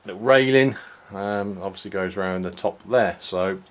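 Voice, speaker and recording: Halting man showing off a toy. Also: deep voice, slight background noise. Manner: unhurried, halting, many ums and restarts. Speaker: toy reviewer. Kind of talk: casual product walkthrough.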